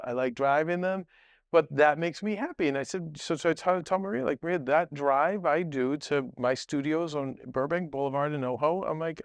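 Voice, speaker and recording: This podcast guest, a middle-aged man, wanders through long casual stories, often restarting and drifting into asides. His voice runs on the high side, and the muffled recording has no room sound.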